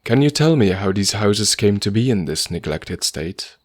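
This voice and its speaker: A man's voice: lowish voice, animated, normal speed, no room sound. A man voicing a poor young writer who talks with easy good humour and earnestness. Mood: friendly. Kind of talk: audiobook character voice.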